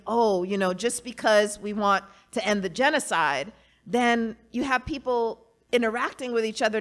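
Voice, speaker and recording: A woman's voice: mid-range voice, a bit bright. A woman in conversation with a mid-range voice, talking in an earnest, reflective way. She leans on "you know" and "right?" as she works through her thoughts. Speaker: guest, academic and author. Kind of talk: casual conversation.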